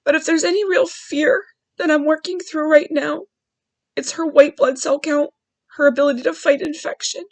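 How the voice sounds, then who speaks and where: A woman's voice: sits high, fairly even intonation, normal speed, dry recording, low-quality recording. A woman hosting a podcast, sharing a personal story in an earnest, heartfelt way with frequent restarts. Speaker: podcast host.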